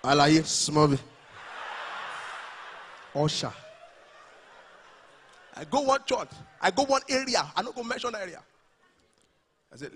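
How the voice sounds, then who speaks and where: A man with a Nigerian accent performing animated stand-up comedy live at a church event. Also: high-pitched, breathy edge. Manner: animated, mixing Pidgin and Yoruba.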